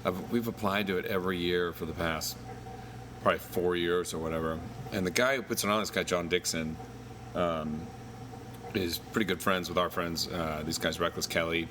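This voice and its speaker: A low-voiced man from Idaho chats as a guest in an easygoing, storytelling way. His speech is casual and full of slang fillers. The recording picks up a clearly noisy room around him. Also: steady tone, moderate pace. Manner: laid-back storyteller, says "like" and "dude" a lot. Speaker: songwriter guest. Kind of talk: casual interview chat.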